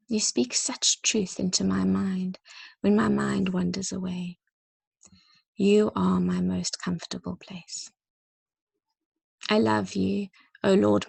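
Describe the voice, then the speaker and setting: A woman leading a church gathering, reading a prayer poem aloud in a soft, slow and reflective way that often drops close to a whisper. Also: mid-range voice, gravelly, husky, no echo. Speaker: church leader.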